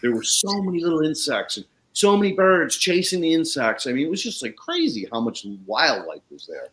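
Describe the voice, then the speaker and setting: A man's voice: on the high side, fairly quick, low-quality recording. A man who works on soil and landscapes, guest on a talk show, telling a story casually with swearing and acted-out voices. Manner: animated, profane, acts out the people he quotes.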